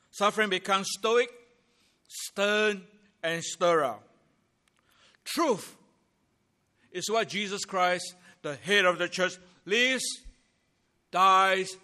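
Slow, emphatic, high-voiced male preacher. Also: bright, forceful tone. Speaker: pastor. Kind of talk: sermon.

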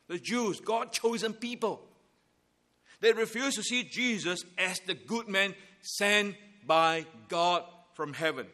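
A man preaching a Good Friday sermon in an emphatic, deliberate way, stressing his key phrases. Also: high voice, pushed and bright.

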